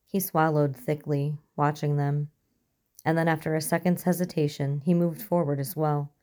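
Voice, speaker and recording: Low, mellow woman narrator. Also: little pitch movement, moderate pace. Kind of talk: audiobook reading of fiction.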